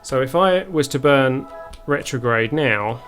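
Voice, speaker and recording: Over soft background music, a young streamer talks viewers through his moves in a space game, his mid-range voice expressive, slightly bright, and a little slow. He's halting and full of ums, frequently restarting as he chats along in live gameplay commentary.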